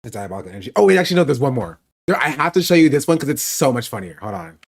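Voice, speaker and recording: A man's voice: mid-range voice, sing-song, racing, creaky, slightly rough. A man hosting a stream, chatting casually with laughing asides. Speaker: streamer host.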